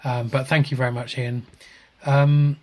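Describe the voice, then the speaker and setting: A man co-hosting a podcast on a video call, reading out viewer comments in a relaxed chat, chuckling often and restarting his sentences. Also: mid-range voice, a little slow. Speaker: podcast co-host.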